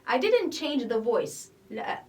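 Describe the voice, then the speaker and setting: A woman's voice: a little high, big pitch swings, a little slow, a little mellow, far from the mic. A woman teaching an English grammar lesson, explaining patiently, repeating each point and checking in with "okay?". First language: not Arabic.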